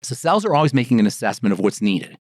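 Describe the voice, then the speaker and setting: A middle-aged man talks in a very lively, swooping voice, full of rhetorical questions and acted-out exclamations. He is explaining skin care as a pharmacist and formulator. The sound is dry and close, with no room around it. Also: mid-range voice, fast, no echo. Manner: animated, rhetorical, acts out exclamations. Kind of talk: explanatory podcast talk.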